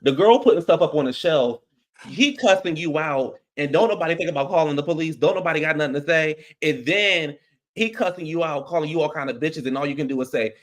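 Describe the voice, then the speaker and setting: A man's voice: a little high, a little fast. A man hosting a casual chat, giving blunt, opinionated and profane movie takes. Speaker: podcast host.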